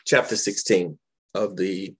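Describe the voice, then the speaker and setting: A man, a poet, reading his poems aloud in a slow, dramatic, deliberate way with long pauses. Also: low-pitched, fairly even intonation, fairly bright tone, breathy edge. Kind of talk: poetry reading.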